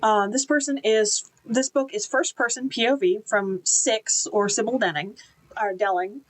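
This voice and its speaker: A woman's voice: fairly high pitch, fairly even intonation, normal speed, rough recording. A woman giving an enthusiastic, chatty book review, with casual fillers and restarts.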